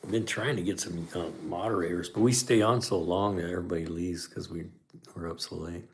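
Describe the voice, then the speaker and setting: Deep gravelly-voiced middle-aged man. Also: fairly even intonation, a little fast. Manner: laid-back, peppers talk with "man". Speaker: podcast host reading live chat. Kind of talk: casual livestream chat.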